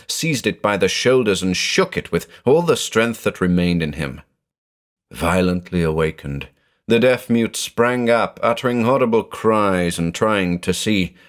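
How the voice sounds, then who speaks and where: A man narrating a horror story in a dramatic, expressive reading style. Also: low-pitched.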